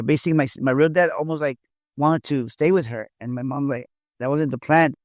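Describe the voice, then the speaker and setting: A middle-aged man, born in Mexico, speaks as an interview guest about his past. His voice sits a little high for a man, and he stumbles and restarts often. The sound is dry and close, with no room around it. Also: fairly even intonation, dry recording. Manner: halting, many restarts and repeated words. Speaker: interview guest, former police officer. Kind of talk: candid storytelling in an interview.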